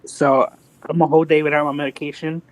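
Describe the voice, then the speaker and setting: A man's voice: on the high side, little pitch movement, fast talker, rough recording. A man in a casual online chat, talking in a laid-back, joking way.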